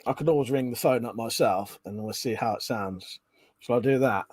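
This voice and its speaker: A man's voice: mid-range voice, moderate pace, darkish tone, dry recording. A man hosting a casual live stream, chatting loosely and reading out viewer comments. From Britain. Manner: chatty, swears freely, reads out viewer comments. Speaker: livestream host.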